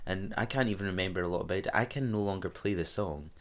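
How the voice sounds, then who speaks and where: A man's voice: low voice, quick pace. A Scottish man in his twenties chatting casually about his own songs, rambling and joking at his own expense. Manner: rambling and self-mocking, with offhand jokes. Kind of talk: casual chat.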